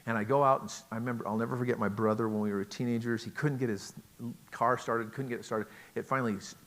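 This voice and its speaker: A man's voice: medium pitch, fairly even intonation, fast, a bit bright. A middle-aged man giving a relationship talk at a conference, chatty and joking, asking the audience questions. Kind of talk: lecture to a live audience.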